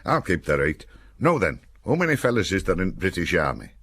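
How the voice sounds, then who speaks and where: A blunt, teasing army sergeant, as an older man reading his own story puts him on. The voice sits very deep and gravelly, with husky grain and lively swings in pitch, a storybook soldier who needles his men. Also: a little fast, exaggerated voice. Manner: blunt, teasing, broad dialect. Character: gruff blunt middle-aged male army sergeant.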